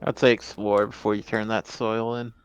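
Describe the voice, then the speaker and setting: A man with a lowish voice offers calm, practical advice during a casual game stream. He speaks in short, measured remarks. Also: smooth, soft background music. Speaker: co-commentator. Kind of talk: casual gameplay commentary.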